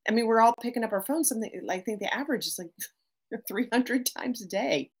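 A middle-aged woman therapist speaking as a podcast guest, animated, often restarting phrases and adding "right?". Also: a little high, brisk, breathy edge. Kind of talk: podcast interview.

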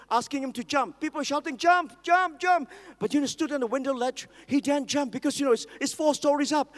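A man preaching a sermon, emphatic and repetitive, calling on the congregation to answer back. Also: extremely high pitch. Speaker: pastor. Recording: long reverb of a large hall.

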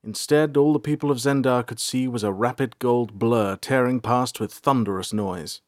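A man's voice: medium pitch, no room sound, studio quality. Man narrating a fantasy audiobook. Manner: measured storytelling.

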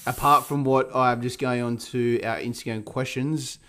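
A man co-hosting a casual sports podcast, swearing freely and telling stories in a lively, animated way. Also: mid-range voice, moderate pace. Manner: swears a lot, animated storytelling with put-on quotes. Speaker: podcast co-host.

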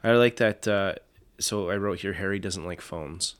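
Low-voiced man gushing about a movie. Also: moderate pace, a bit bright. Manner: enthusiastic, chuckling, quoting favorite lines. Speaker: podcast co-host. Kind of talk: casual film discussion.

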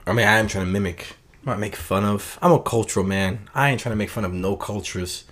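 A man's voice: lowish voice, fast, fairly bright tone. A man talking through a casual late-night monologue in a rambling, earnest way, often restarting his sentences. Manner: rambling, earnest, self-correcting.

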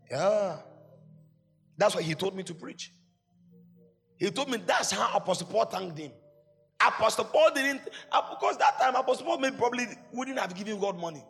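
Man, Ghanaian accent, pastor, animated sermon, gravelly, swooping pitch. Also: in a large hall. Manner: animated preaching, swinging from shouts to low asides.

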